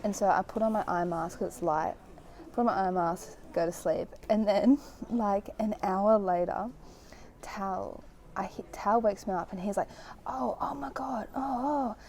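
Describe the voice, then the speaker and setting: A woman's voice: medium pitch, fairly even intonation, unhurried, darkish tone, slight background noise, rough recording. A young woman from Australia chatting through a casual travel vlog, telling stories with lots of "like" fillers. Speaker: travel vlogger.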